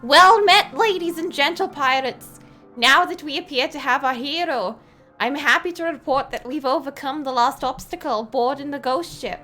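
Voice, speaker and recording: A woman voicing a chipper airship chief engineer in a bright, bouncy, emphatic way. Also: high voice, normal speed, faint music behind, pitched above the performer's own voice.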